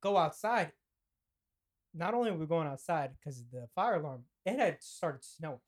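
Young man telling an animated party story. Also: a little high, moderate pace. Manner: animated, acts out quoted lines, laughs mid-story, swears casually. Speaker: podcast co-host. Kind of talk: casual storytelling chat.

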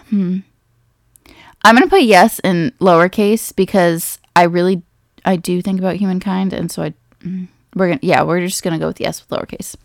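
A woman's voice: fairly low pitch, dry recording, clean studio sound. A pregnant young woman chatting casually as she takes a quiz, thinking aloud and poking fun at herself. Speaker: vlogger. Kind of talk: casual chat.

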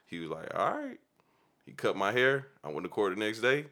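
A man's voice: on the low side, lively intonation, quick pace, sharp tone. A man hosting a casual podcast, telling stories loosely and profanely with lots of fillers. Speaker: podcast host.

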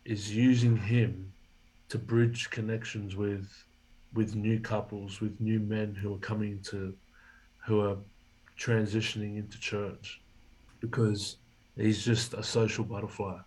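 A man recounts a story as an interview guest. His voice is low and husky, and his pitch stays fairly flat even as he voices the people he quotes. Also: a little slow, rough recording. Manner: animated storyteller, acts out quoted dialogue. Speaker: podcast guest, former rugby league player.

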